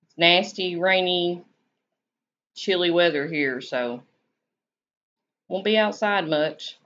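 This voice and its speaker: A woman's voice: fairly low pitch, takes it slowly, fairly bright tone. Chatty Southern woman on a live stream. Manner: chatty, drawling, laid-back. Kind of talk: casual chat reading viewer comments. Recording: dull lo-fi stream audio.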